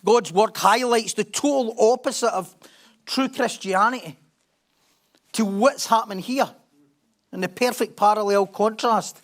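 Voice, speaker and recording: Speaking at a measured pace with frequent pauses, this middle-aged pastor has a distinctly high-pitched voice and a relaxed, conversational preaching manner. He pokes fun at himself, quizzes the congregation, and alternates lively stories with Bible readings.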